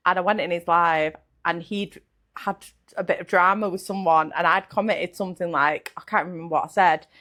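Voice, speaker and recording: A young woman tells her story as an interview guest. She is blunt and jokey, swears freely and slips into quick quoted asides. She is pregnant. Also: fairly low pitch, fairly even intonation, fairly bright tone. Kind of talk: casual interview chat.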